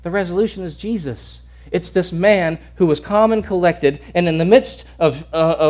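His voice sitting high, the male preacher performs the scene in a dramatic sermon, alternating shouted lines with near-whispers and repeating words.

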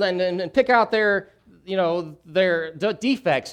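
Male pastor delivering a sermon; dynamic, moves between quiet gravity and loud fervor, repeats key lines. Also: measured pace, clean tone. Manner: swings from hushed, grave lows to loud, fervent emphasis; repeats key phrases for emphasis.

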